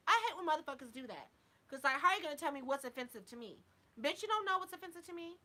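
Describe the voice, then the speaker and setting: A woman's voice: sits high, lively intonation, racing, pushed and bright. A woman vlogger talking casually to her viewers, sassy and blunt with heavy swearing, a little drunk. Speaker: YouTube vlogger. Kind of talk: casual live chat to viewers.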